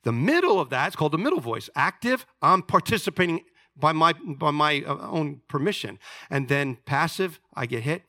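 High bright-voiced male preacher. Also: moderate pace, dry recording, studio quality. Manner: animated preaching with asides to the congregation. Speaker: pastor. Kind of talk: sermon.

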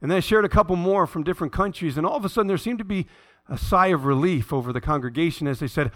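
A man's voice: a little high, fast. A man pastor preaching a sermon, reading scripture aloud and mixing in conversational asides and stories, building to emphatic peaks.

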